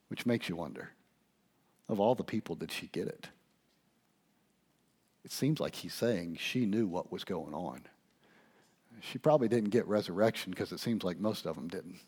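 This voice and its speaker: A man preaching with a husky, slightly rough voice. He swings from hushed, near-whispered lines to loud, excited bursts, telling stories with lots of energy. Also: low-pitched, moderate pace, pauses often. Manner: swings from quiet to loud, animated storytelling. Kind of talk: sermon.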